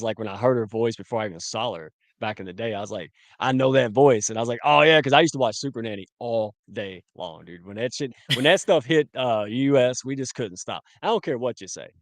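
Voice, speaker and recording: A man's voice: mid-range voice, no echo. A man co-hosting a casual livestream, loose and laughing, throwing in dude and man as he talks over a computer mic on a video call. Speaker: livestream co-host.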